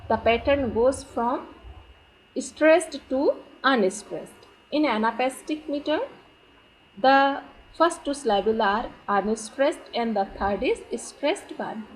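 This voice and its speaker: A woman teaching poetic meter from slides, speaking slowly and deliberately and leaning on key terms. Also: high voice, slight background noise, poor audio. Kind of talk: slide lecture on poetry.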